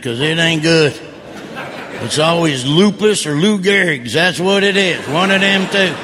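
A man's voice: on the high side, background noise. A man doing stand-up comedy, with folksy, grumbling, self-mocking delivery. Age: 50s.

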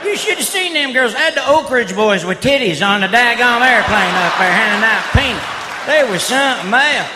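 High-voiced man doing stand-up. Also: expressive, moderate pace. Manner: loud redneck drawl, laughs at his own jokes. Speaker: stand-up comedian. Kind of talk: stand-up comedy. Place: live comedy stage before an audience. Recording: live show with crowd noise.

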